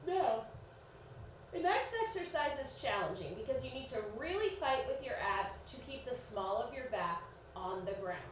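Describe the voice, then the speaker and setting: Encouraging woman fitness coach, echoey room. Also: a little high. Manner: encouraging, chatty, counts reps. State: sleepy, yawning. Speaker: fitness instructor. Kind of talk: live-streamed workout coaching. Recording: echoey room, voice far from mic, faint noise.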